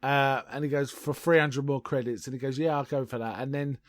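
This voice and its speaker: A man's voice: medium pitch, fairly even intonation, brisk, dry recording, clean studio sound. A man co-hosting a podcast, casually recapping a film with lots of ums and acted-out quotes. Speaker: podcast co-host.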